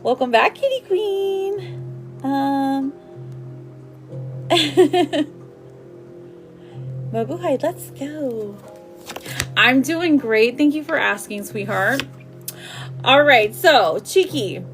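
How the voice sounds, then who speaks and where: A woman's voice: sits high, expressive, extremely slow, long pauses, faint music behind. A woman reading tarot on a live stream, chatty and affectionate, calling her viewers sweetheart and babe. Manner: chatty, with frequent "like" and laughs. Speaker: tarot reader.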